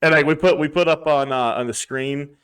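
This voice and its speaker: A man's voice: on the high side, fairly even intonation, fairly quick, a bit bright, clean tone. A young man co-hosting a podcast, telling rambling bar stories in casual chat, swearing a lot and acting out what people said. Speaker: podcast co-host.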